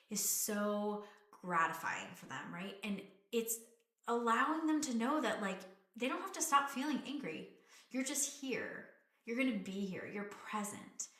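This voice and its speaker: A young woman, a parenting coach, giving earnest, gentle advice straight to the viewer. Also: medium pitch, reverberant. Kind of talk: direct-to-camera parenting advice.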